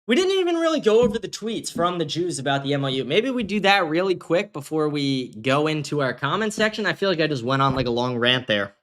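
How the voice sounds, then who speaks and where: A man's voice: on the high side, sing-song, brisk, hardly any pauses, fairly bright tone. A man hosting a livestream, ranting casually and combatively with a lot of profanity. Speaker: livestream host.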